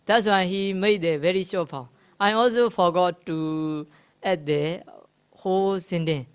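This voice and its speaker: A woman gives a slow, unhurried Dhamma talk as a Buddhist teacher. Her voice is fairly low and clear, and she pauses often with fillers while she explains each word. Now and then she gently teases her listeners. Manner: halting, explains Pali terms slowly with many fillers; gently teasing the audience. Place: meditation centre hall.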